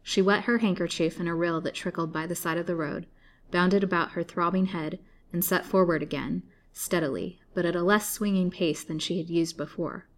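A woman storyteller reading an old serialized novel aloud in a measured, dramatic way. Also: fairly low pitch, steady tone. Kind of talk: scripted narration of a serialized novel.

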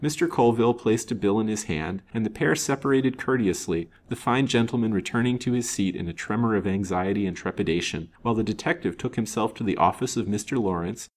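Lively low-voiced male storyteller. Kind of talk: storybook reading.

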